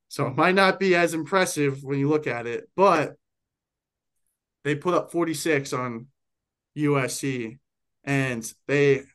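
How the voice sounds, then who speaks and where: A man's voice: mid-range voice, fairly bright tone. A young man co-hosting a podcast, chatting casually and rambling through football picks with plenty of self-corrections. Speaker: podcast co-host. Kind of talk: casual sports chat.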